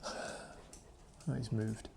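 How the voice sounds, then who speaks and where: A man working as a dog trainer, speaking calmly and softly as he gently coaxes a wary dog, recorded on a camera mic indoors. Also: drawn-out words, a little hiss or hum. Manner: calm, soft-spoken, gently coaxing the dog. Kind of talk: casual running commentary during a dog session. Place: indoors, in a room with the dogs.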